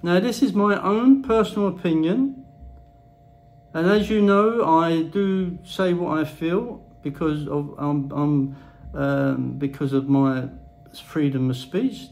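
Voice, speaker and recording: A man's voice: high voice, slow, darkish tone, rough recording. A man delivering a blunt, crude ranting monologue to camera as a vlogger. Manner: blunt, crude, swears freely.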